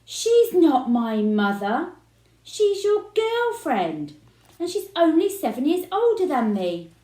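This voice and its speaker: A fed-up young boy blurts out indignant lines, as a woman reading a storybook voices him. The voice climbs and dips a lot and sounds soft and mellow, with the echo of a roomy space around it. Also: fairly high pitch, big pitch swings, normal speed, pitched above the performer's own voice. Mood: defiant. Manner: loud, indignant outbursts. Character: angry fed-up twelve-year-old boy.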